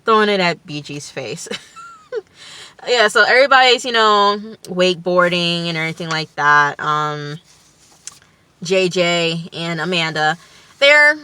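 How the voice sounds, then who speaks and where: A woman's voice: on the low side, a little slow, sharp tone, clear, resonant tone. A young woman vlogger casually recapping a TV episode, rambling with lots of fillers. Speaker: TV review vlogger.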